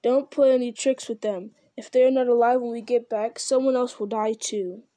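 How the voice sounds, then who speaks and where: A woman's voice: a little high, steady tone, moderate pace, mellow, no room sound, lightly acted. A woman reading the part of a brutal, commanding male orc captain who barks orders and threatens his prisoners. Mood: harsh, commanding.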